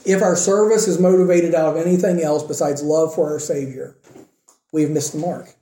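A man's voice: on the high side, steady tone, normal speed, warm tone, roomy sound. A man preaching a sermon in an earnest, conversational way with rising emphasis.

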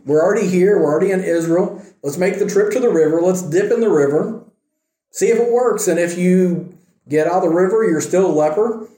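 A man voicing servants who calmly coax their master. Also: sits high, brisk, echoey room, natural voice. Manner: coaxing, reasoning. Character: coaxing male servants, practical and calm.

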